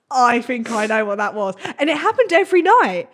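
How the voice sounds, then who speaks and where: A young woman hosts a casual podcast, telling her own story and reacting with exclamations and swearing. Her voice is fairly high for a woman. Her pitch swings widely and stays animated. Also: normal speed. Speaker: podcast host.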